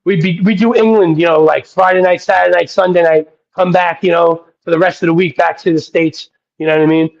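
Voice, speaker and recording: A man being interviewed as a guest rapper, telling excited, rambling anecdotes full of profanity. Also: sits high, brisk, gravelly. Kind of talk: casual interview storytelling. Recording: dull lo-fi audio.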